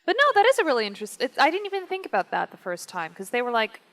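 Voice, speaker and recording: A woman chatting casually while playing a video game, excitable and given to frustrated swearing outbursts. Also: on the high side, racing. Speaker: let's play gamer. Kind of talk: casual gameplay chat.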